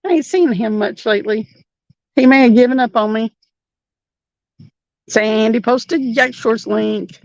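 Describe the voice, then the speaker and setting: High-pitched lady on a fishing stream, giggly, reads out the chat, dry muffled sound. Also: measured pace, long pauses, a little mellow, dry recording. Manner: giggly, reads viewer comments aloud. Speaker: fishing livestream host. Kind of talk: casual livestream chat. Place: fishing boat outdoors. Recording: dull muffled audio.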